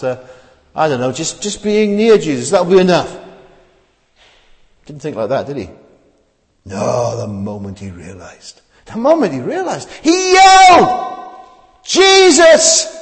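Man preaching with lively pitch in a reverberant hall. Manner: rhetorical tag questions, repeated restarts. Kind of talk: sermon. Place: church service. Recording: long reverb of a large hall.

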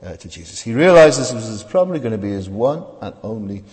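Man preaching with lively pitch in a reverberant hall. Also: a little fast. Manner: rhetorical tag questions, repeated restarts. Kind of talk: sermon. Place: church service. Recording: long reverb of a large hall.

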